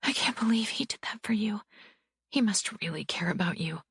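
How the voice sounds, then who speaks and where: A timid, bruised young wife with a quiet, shaky, breathy voice. She speaks high and soft, and the recording is dry and close. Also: moderate pace, no room sound, full character voice.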